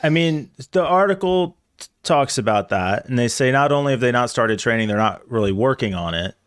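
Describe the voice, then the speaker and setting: Male co-host, mid-pitched, dry close sound, wry and teasing. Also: expressive, brisk, dry recording. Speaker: podcast co-host. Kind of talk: casual chat.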